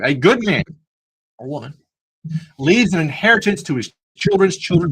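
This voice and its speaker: A man hosts a livestreamed Bible study, talking to his viewers in an earnest, preacherly way. His voice is husky and sits a little high. He breaks up the teaching with jokey asides. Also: fairly bright tone, rough recording. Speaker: podcast host.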